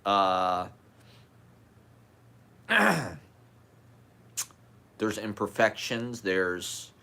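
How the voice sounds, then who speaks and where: Man, low voice, slight lisp, rambling candid monologue, swears a lot, laughs often. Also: very animated, extremely slow, gravelly, sharp tone, clean tone.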